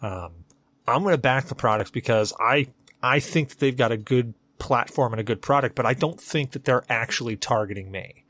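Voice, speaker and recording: A man's voice: mid-range voice, normal speed, a bit bright. A man co-hosting a casual gaming podcast, arguing his point step by step. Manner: argumentative, explaining step by step. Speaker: podcast co-host. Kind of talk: casual chat.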